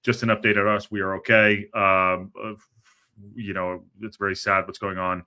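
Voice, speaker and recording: Tired, bright-voiced man hosting a livestream. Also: lowish voice, little pitch movement, moderate pace. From Southern California. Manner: hesitant, many fillers, reads chat aloud. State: tired, low energy. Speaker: host of a football news livestream. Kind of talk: casual livestream chat.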